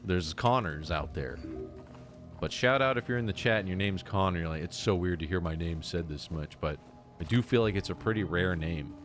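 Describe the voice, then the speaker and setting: A man's voice: sits low, moderate pace, fairly bright tone, soft background music. A man streaming a game, telling stories in casual chat. He laughs often and swears freely. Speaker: let's play streamer. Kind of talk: casual chat while gaming.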